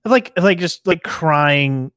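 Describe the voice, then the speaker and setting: Brief: male co-host, giggly and incredulous, halting delivery, dry sound. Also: fairly high pitch, animated, a bit bright, dry recording. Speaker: podcast co-host. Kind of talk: crude comedic podcast chat.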